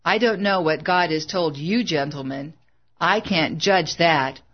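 A narrator reading a stubborn, earnest preacher. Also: male voice, on the high side, a little slow, highs cut off. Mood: firm. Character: stubborn middle-aged male preacher. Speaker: evangelist.

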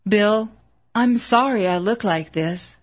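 A woman reading the part of a gravely ill young wife who speaks weakly and with resignation. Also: medium pitch, takes it slowly, muffled recording. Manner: weak, resigned.

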